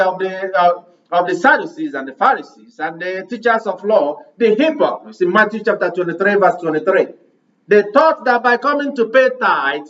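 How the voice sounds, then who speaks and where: A man preaches with a high voice, hammering his congregation with rhetorical questions. He sounds set back from the microphone, and the recording is dull and muffled. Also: fairly bright tone, distant mic. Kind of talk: sermon.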